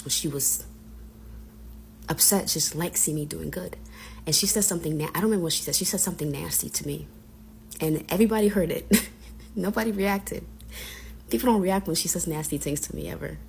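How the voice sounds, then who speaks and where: A woman's voice: low voice, gravelly, slight background noise. A young woman casually recounting a personal story, candid and frustrated, acting out the lines of family members as she goes.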